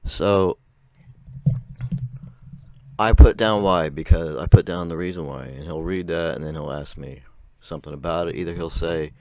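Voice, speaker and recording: A man's voice: deep voice, normal speed, pauses often, darkish tone, no room sound. A young man whose voice still cracks, telling a rambling story to camera with frequent laughs. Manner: chatty, rambling, laughs often. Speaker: vlogger.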